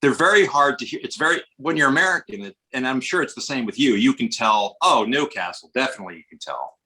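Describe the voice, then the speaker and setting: Fast-talking and expressive, a US actor from Westchester, New York, guests on a podcast in a mid-range, pushed, bright voice. He wanders off on tangents and restarts often in the casual conversation, heard through poor audio.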